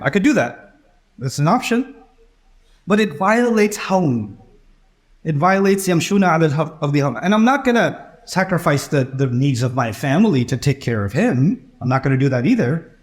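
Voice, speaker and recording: A man's voice: on the high side, big pitch swings, a little fast. A middle-aged man giving an Islamic lecture, telling stories and acting out the voices of the people in them. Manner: storytelling, acts out quoted voices. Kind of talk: religious lecture.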